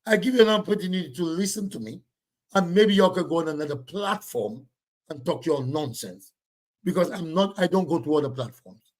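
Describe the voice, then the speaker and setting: A man hosting a casual livestream, reading viewer comments and scolding them in a loud, blunt, repetitive way. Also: on the high side, animated, fairly quick.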